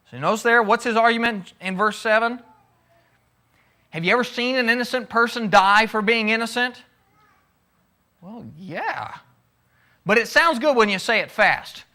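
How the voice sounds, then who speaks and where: Guy teaching bible class, high bright voice, chatty, acts out the quotes. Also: normal speed, pauses often. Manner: conversational, takes audience questions.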